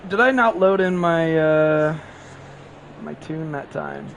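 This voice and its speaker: A man's voice: a little high, takes it slowly, creaky, fairly bright tone, a little hiss or hum. A man streaming a racing game live, chatting casually and rambling with frequent laughs, sleep-deprived and coughing.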